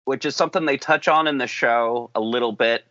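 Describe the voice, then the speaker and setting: A podcast host thinks aloud in long, rambling runs during a casual chat. He speaks at medium pitch, a little fast, with a sharp tone. The recording is dull, lo-fi and dry, with no echo.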